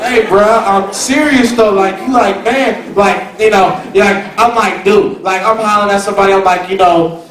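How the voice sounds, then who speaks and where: A man's voice: high voice, fairly even intonation, moderate pace, fairly bright tone, a faint crowd. A man from the California Bay Area giving a rambling, slang-heavy informal lecture to students in a university hall, repeating himself often. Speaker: guest speaker. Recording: echoey hall, recorded from far off. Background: audience murmur.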